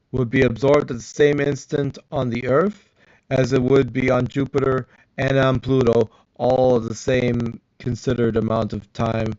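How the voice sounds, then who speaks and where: A man rambles through his own theories aloud, talking back at a video as he goes. His voice sits at an ordinary middle pitch, close and dry, with a slightly dull, lo-fi sound. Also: a little mellow, no room sound. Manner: rambling, thinking aloud, mutters to himself. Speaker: reacting vlogger. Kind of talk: arguing back at a science video.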